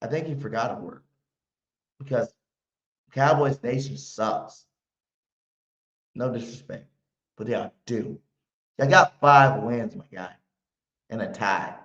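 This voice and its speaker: A man's voice: medium pitch, slow, long pauses, a bit bright. Fan-stream host, male, brash trash talk, roomy muffled audio. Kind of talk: live pregame fan stream.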